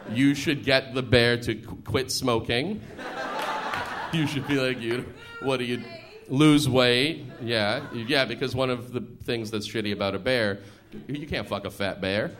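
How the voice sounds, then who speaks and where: A male comedian with a mid-range voice banters with the audience, chatty and laughing through his bits. A clear layer of noise sits under the live stage recording. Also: medium pitch, unhurried. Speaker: stand-up comedian. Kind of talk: stand-up with crowd work.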